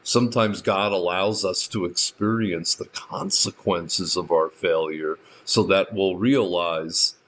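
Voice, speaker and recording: A man's voice: low voice, takes it slowly, few pauses, fairly bright tone, slight background noise. A man preaching a sermon as a Bible teacher, in an earnest storytelling manner with light touches of humor. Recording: muffled lo-fi recording.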